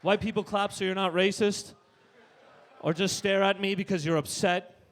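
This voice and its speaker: A man's voice: high-pitched, steady tone, normal speed. A Canadian man doing a stand-up set on a live stage, punchy, tagging jokes with "right?". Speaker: stand-up comedian. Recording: long reverb in a club.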